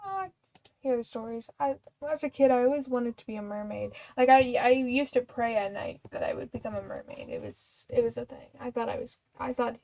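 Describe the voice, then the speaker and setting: A woman's voice: fairly high pitch, a little fast, vocal fry, darkish tone, low-quality recording. A young woman streamer reading a story game aloud, breaking off into giggly, chatty asides. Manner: giggly, chatty, self-interrupting.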